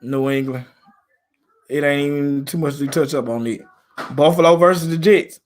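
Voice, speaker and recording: With a steady, slightly high voice and a moderate pace, a Southern-accented man from Memphis, Tennessee hosts a casual football live stream. He keeps it laid-back and full of slang.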